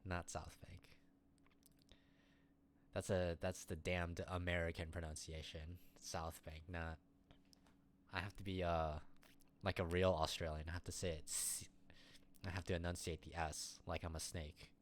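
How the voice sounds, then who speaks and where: A man's voice: sits low, flat delivery, unhurried, long pauses, slight background noise. A man streamer rambling and joking through casual running commentary at his computer. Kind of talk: casual live-stream chat.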